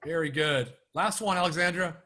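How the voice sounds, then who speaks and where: A man's voice: on the high side, normal speed, bright, forceful tone. A man leading a live online sales training, coaching and urging participants on over a video call.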